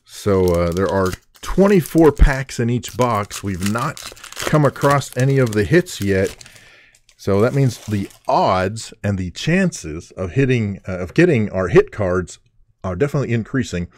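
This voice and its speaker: A man with a lowish, unhurried voice hosts a live-streamed trading card break. He runs through a list of each card and its new owner, using lots of filler, and gets excited and gushes whenever he pulls a good one.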